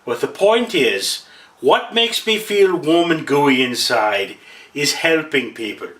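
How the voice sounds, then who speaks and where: A man's voice: on the high side, expressive, takes it slowly, a bit bright, roomy sound, distant mic. A man vlogging to camera in a rambling, self-deprecating way, telling a story and musing about his work helping people. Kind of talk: casual monologue to camera.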